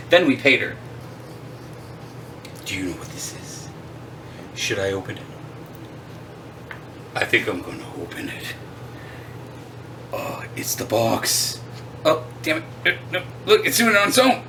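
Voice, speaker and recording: Middle-aged man, excited collector vlogger, bright voice, a bit off-mic. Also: mid-range voice, moderate pace, long pauses, recorded from a distance, a little hiss or hum, poor audio. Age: 40s. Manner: enthusiastic, rambling, self-deprecating. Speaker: host showing his collection. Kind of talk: casual chat. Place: home room with arcade cabinets.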